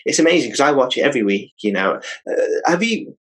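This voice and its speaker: A man's voice: mid-range voice, animated, quick pace, a bit bright, husky, rough recording. A British man hosting a casual interview, rambling a little and often saying "you know.". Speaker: podcast host.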